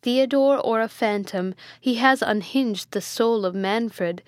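A woman's voice: fairly high pitch, takes it slowly, dry recording, clean studio sound. A woman voicing an agitated, guilt-stricken male prince in a storybook reading, exclaiming frantic questions. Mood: angry.

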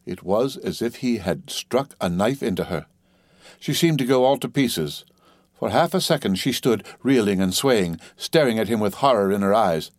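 Guy reading an old novel out loud, lowish voice, dry close mic. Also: moderate pace, dry recording. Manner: steady dramatic reading, voices dialogue lightly. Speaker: audiobook narrator. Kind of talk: scripted narration of a novel.

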